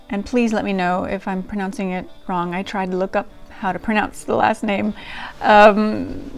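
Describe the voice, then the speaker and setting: A woman hosting a diary-reading channel, talking casually to her audience in a chatty, self-deprecating way with frequent ums and restarts. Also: mid-range voice. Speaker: channel host reading old diaries. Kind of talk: casual chat to camera.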